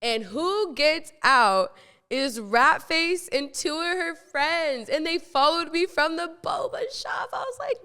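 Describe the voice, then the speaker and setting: A young woman hosting a podcast and telling a story casually, animated, swearing freely and acting out what she said back then. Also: sits high, slow pace, long reverb tail. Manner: animated, swears freely, acts out her own quotes. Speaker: podcast host.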